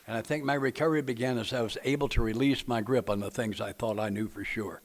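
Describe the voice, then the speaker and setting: A man's voice: mid-range voice, fairly even intonation, fast talker. Folksy man leading a study. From Nashville, Tennessee. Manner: folksy, plainspoken, joking with the audience. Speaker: recovery meeting speaker leading a book study. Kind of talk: speaker-meeting talk to a group.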